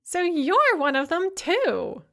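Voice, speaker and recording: A woman's voice: extremely high pitch, very animated, slow pace, fairly bright tone, voice pushed up, full character voice. A woman narrator voicing a supercilious, self-absorbed young woman activist who whines and talks down to others. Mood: scornful. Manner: condescending, complaining.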